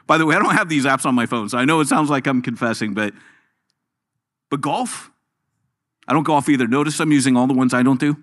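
A middle-aged man preaching a sermon, animated, dropping his voice low and soft when he quotes. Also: fairly quick, pauses often. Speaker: pastor.

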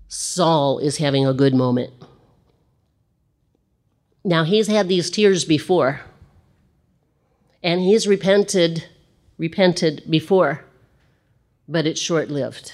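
Woman Bible teacher, low voice, conversational, expressive, casual asides. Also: takes it slowly, long pauses.

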